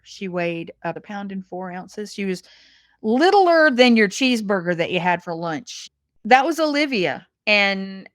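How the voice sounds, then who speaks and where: A woman's voice: mid-range voice, dry recording, studio quality. A woman in her fifties, a podcast guest talking in a folksy, earnest way and calling people honey. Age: 50s. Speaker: guest, massage industry representative. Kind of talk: casual podcast conversation.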